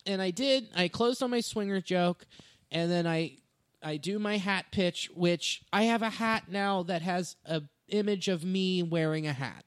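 High-voiced man telling animated stories. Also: measured pace, clean tone, no room sound. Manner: animated storytelling with swearing. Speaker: stand-up comedian. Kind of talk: casual podcast chat.

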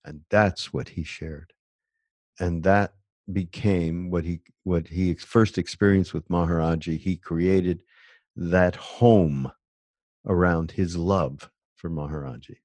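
A man in a casual spiritual conversation, speaking haltingly and searching for words with many restarts. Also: deep voice, fairly even intonation, a little mellow, dry recording.

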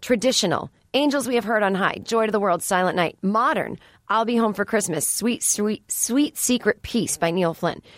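A woman's voice: medium pitch, normal speed, no echo. A woman hosting a podcast in a studio, chatting in a rambling way with sarcastic asides. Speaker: podcast host. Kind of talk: casual solo podcast chat. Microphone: studio microphone.

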